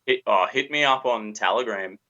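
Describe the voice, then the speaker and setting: A man's voice: mid-range voice, moderate pace, pushed and bright, lo-fi sound. A laid-back man, calling in as a guest and talking in slang. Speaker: call-in guest. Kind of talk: casual call.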